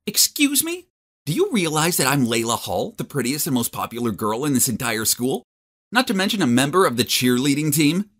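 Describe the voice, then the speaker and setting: A man's voice: huge pitch swings, a little fast, few pauses, husky, full character voice. A man voicing a bossy, popular teenage girl cheerleader, pushy and indignant. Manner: pushy, indignant, high-pitched.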